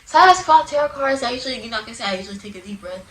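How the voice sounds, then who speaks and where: A young woman casually telling her personal testimony into a phone, animated and prone to sudden loud outbursts, with uneven volume. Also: on the high side, rapid-fire, poor audio. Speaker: person giving a religious testimony.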